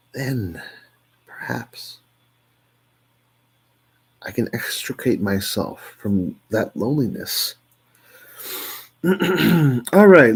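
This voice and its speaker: A man's voice: mid-range voice, darkish tone, slightly rough. A man on a solo stream, reading poems aloud with wry, self-mocking asides that sometimes drop to near-whispers.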